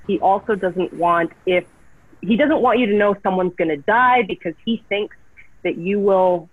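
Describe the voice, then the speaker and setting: An actress from Canada, a guest telling gushing, enthusiastic stories in a casual interview. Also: female voice, medium pitch, moderate pace, no room sound. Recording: tinny phone-like line, dry.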